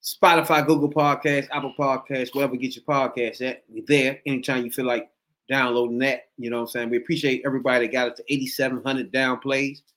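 A man hosting a casual podcast chat, animated, laughing often and acting out what people said. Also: medium pitch, fast. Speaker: podcast host.

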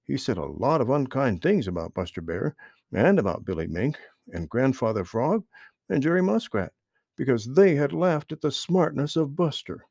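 A man reading a children's storybook aloud in an expressive, animated way. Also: medium pitch, normal speed, creaky, dry recording, clean studio sound.

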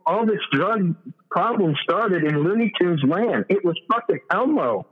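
Guy cohost telling a deadpan story in fits and starts, muffled lo-fi sound with a long echo. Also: sits high, slightly rough. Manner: halting deadpan storytelling with many restarts. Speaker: comedy podcast co-host. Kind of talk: improvised comedic banter. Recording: dull lo-fi audio with reverb.

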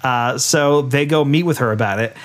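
A laid-back man with a mid-range voice, speaking at a moderate pace, co-hosts a podcast and recaps a movie in casual chat. He uses lots of fillers and laughs as he retells scenes.

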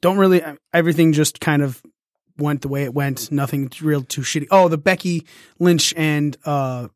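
A man hosting a casual wrestling recap. He swears often, acts out the lines he quotes and gets excited as he talks. His voice sits a little high and sounds close and dry, with no room echo. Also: moderate pace. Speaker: wrestling podcast host.

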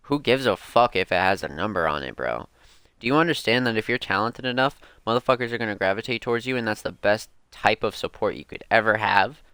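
Fairly low in pitch, with a bright, forceful, clean tone, a young man hosts a music podcast and launches into a casual, heated rant. He swears heavily and leans on "like" and "bro" constantly; the recording is dry with clean studio sound.

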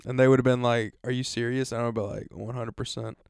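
A man's voice: medium pitch, flat delivery, quick pace, vocal fry, a little mellow, smooth, no room sound, studio quality. A man in his twenties co-hosting a podcast, talking in a laid-back, matter-of-fact way in casual chat. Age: 20s. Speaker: podcast co-host.

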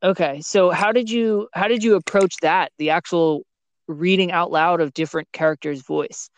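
A man hosting a podcast in a relaxed chat, often saying "you know". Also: high voice, moderate pace, a little hiss or hum. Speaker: podcast host. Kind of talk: casual interview chat.

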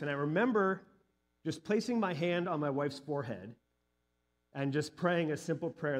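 Earnest man preaching, slightly high voice. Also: moderate pace. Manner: earnest, personal storytelling with rising emphatic peaks. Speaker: pastor. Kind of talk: sermon.

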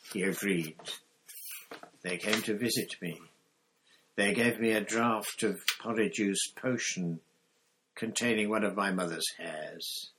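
A dazed young man under a truth potion, read by a man, speaking in a flat, expressionless drone. His voice sits low and moves slowly. It is an audiobook confession. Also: husky, exaggerated voice, poor audio.

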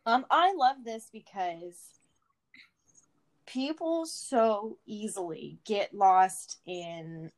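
A woman host with a middle-pitched voice reads a story aloud in a plain narrating voice. She then chats thoughtfully, circling back with restarts as she works through her ideas. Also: lively intonation, very slow. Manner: chatty, many fillers and restarts, thoughtful. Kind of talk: reading fan fiction aloud and casual chat.

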